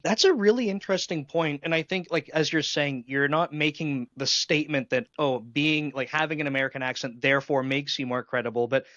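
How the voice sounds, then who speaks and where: A man's voice: on the high side, fairly quick, hardly any pauses, fairly bright tone, dry recording. Easygoing Canadian man hosting, dull dry mic. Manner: easygoing, thinks aloud with restarts. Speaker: podcast host. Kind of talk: casual interview conversation.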